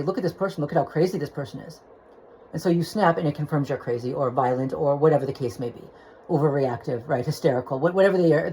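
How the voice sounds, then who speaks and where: A woman's voice: low-pitched, warm tone, a little hiss or hum, low-quality recording. A woman telling a personal story into her phone, agitated and rambling, with restarts and swearing. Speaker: vlogger.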